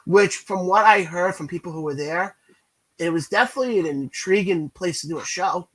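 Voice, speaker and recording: A man's voice: high voice, normal speed, fairly bright tone, low-quality recording. A man co-hosting a wrestling podcast who chats casually and talks straight to the listeners. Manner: chatty, addresses listeners as folks. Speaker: podcast co-host.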